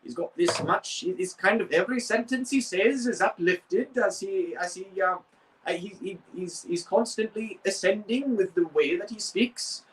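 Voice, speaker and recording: Brief: young male hobby host, slightly high voice, rambling casual chat, sits back from the mic. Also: normal speed, recorded from a distance, poor audio. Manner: rambling, many fillers and restarts. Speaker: model-building video host.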